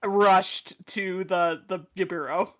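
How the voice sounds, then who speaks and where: A woman's voice: lowish voice, fairly even intonation, takes it slowly, a bit bright. A woman playing in a tabletop horror game, giggling often as she talks. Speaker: player. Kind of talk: casual tabletop role-play.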